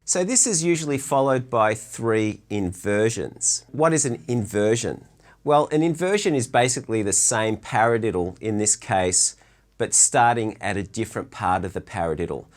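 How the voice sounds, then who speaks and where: A man giving a relaxed, chatty drum lesson from his drum room, counting beats aloud as he explains stickings. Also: lowish voice, moderate pace. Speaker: drum teacher.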